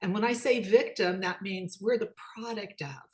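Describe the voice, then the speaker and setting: A middle-aged woman telling personal stories about her children in an animated way, voicing their dialogue. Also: moderate pace. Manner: animated, acts out quoted dialogue with rising pitch. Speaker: speaker, children's book author. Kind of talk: personal storytelling talk.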